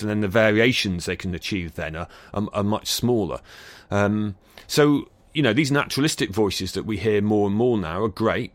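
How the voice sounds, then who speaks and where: A man's voice: lowish voice, no room sound. A man with a mild received-pronunciation British accent, explaining things thoughtfully as an interview guest, with fillers and restarts. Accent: near-received pronunciation British. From Britain. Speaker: guest expert on acoustics. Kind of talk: conversational interview answers.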